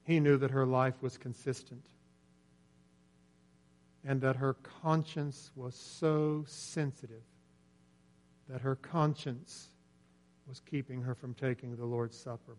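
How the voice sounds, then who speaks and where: A man preaching a sermon in earnest, swelling louder on key points and dropping nearly to a whisper. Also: medium pitch, flat delivery, slow pace, long pauses. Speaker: pastor.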